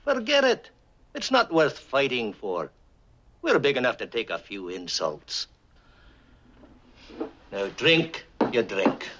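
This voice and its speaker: An actor playing a gruff, loyal middle-aged starship engineer with a Scottish accent, from a played TV clip. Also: male voice, medium pitch, wildly swooping pitch, takes it slowly, pauses often, background noise. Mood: stern. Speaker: ship's chief engineer. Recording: dull lo-fi TV audio with music.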